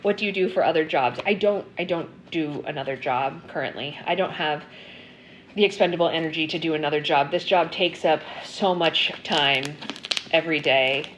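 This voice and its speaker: A woman's voice: low-pitched, moderate pace, a bit bright, slight background noise, poor audio. A woman hosting a casual live stream, chatting and answering viewer comments with frequent ums. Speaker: slime livestream host. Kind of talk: casual livestream chat.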